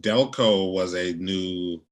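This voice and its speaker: A man's voice: sits low, slow. A man in a casual discussion, hesitant and repeating his words.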